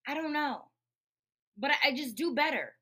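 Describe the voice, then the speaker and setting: Lively bright-voiced woman ranting. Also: high voice, moderate pace. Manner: profane, emphatic, animated. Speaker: podcast host. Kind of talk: casual ranting monologue.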